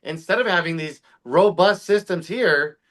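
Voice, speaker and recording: Heated, bright-voiced man ranting. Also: high-pitched. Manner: fast, heated ranting with profanity. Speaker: podcast co-host. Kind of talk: casual political podcast chat.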